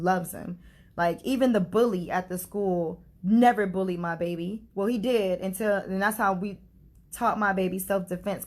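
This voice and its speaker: A woman vlogging a heartfelt personal story in a casual, chatty way, using many fillers. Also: mid-range voice. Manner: chatty, uses many fillers like "like" and "you know"; heartfelt and earnest. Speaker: grieving mother vlogger.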